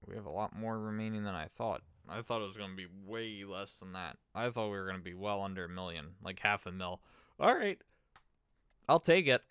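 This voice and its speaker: Guy streaming a game, lowish smooth voice, dry sound, thinking out loud and chatting w viewers. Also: steady tone, fast talker, hardly any pauses, dry recording. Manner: thinks aloud, chats with viewers. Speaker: gaming streamer. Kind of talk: casual gameplay commentary.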